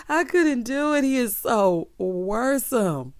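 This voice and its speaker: A young adult woman giving a sassy, animated recap of a TV episode, tossing in "child" and "honey". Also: fairly high pitch, unhurried, few pauses. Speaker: TV recap vlogger. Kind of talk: casual TV recap commentary.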